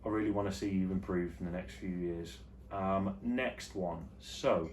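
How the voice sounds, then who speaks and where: A man hosting his own vlog show, chatting casually and jokily about the news, his voice jumping between loud and quiet. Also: low voice, normal speed, a little hiss or hum. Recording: echoey room with faint ambience.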